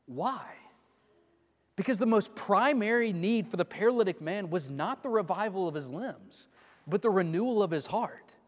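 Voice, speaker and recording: A high-pitched, animated man gives a sermon at a moderate pace, keeping it conversational and regularly posing rhetorical questions. The sound has the lengthy reverb of a large hall.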